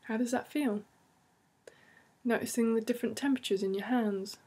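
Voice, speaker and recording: Woman practitioner, breathy tone, calm guided tapping instructor. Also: fairly high pitch. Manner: calm, slow, soothing guidance with repeated phrases.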